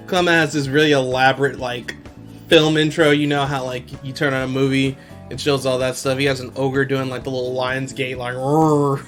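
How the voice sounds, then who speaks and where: A man's voice: medium pitch, fairly bright tone. A man hosting a podcast, casually recapping an episode in slangy talk and laughing often. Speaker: podcast host.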